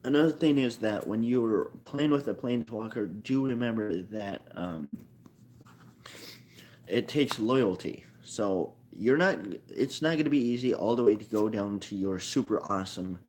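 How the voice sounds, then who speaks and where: Male video maker with a lower voice, loose unscripted delivery that doubles back on itself and keeps correcting itself. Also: a little slow, darkish tone. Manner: rambling, self-correcting, thinks aloud. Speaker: card game video maker. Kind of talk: casual explainer monologue.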